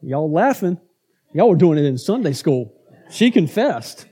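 A man's voice: on the high side, big pitch swings, unhurried, mellow, breathy edge. A man preaching a conversational sermon, asking his congregation questions and acting out grumbling crowds. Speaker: pastor.

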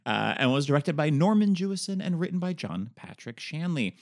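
A man's voice: a little high, brisk. A man co-hosting a casual film podcast, laughing often and talking with animation. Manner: laughs often, animated, sings bits of the intro. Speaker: podcast co-host. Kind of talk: casual chat.

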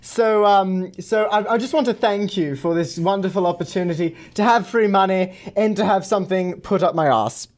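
A man voicing a flamboyant, crude male caller with a Valley-style drawl that drifts toward a British lilt, rambling and halting. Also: high voice, darkish tone, a little hiss or hum, lightly acted.

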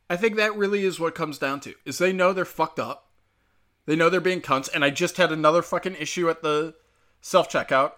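A man with a bright, forceful, slightly high voice, talking straight to his listeners in a loose, profane solo rant. He drifts between muttered asides and sharp, heated outbursts as he retells his run-ins with people. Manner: profane, heated storytelling, rising loud and high when retelling arguments. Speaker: podcast host.

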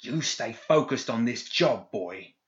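A man's voice: mid-range voice, lively intonation, slow, dull audio. A man voicing a stern old male foreman who growls in a tight whisper. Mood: menacing.

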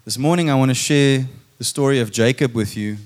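A man's voice: mid-range voice, brisk. A man, likely in his thirties, preaching a sermon and telling a personal story, acting out his own inner dialogue.

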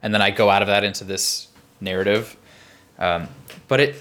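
A man's voice: on the low side, moderate pace, a bit bright. A man in a casual game discussion, weighing his views thoughtfully. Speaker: podcast panelist.

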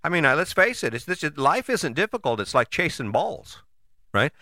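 A man giving a casual motivational talk, conversational and animated, with frequent rhetorical questions and the odd curse word. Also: a little high, moderate pace, no echo, clean studio sound. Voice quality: casual, swears freely. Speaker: motivational host. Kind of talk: motivational monologue.

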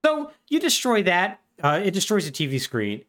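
Animated man retelling a story. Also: moderate pace. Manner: animated, lively pitch, puts on brief voices for characters. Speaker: podcast co-host. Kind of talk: casual chat retelling a game plot.

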